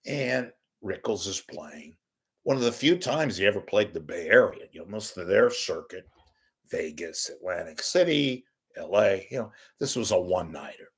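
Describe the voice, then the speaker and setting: A middle-aged man hosting a talk show, telling a casual, animated, self-deprecating story. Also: fairly low pitch, breathy edge. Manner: animated, self-deprecating storyteller who acts out his own yelling. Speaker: podcast host.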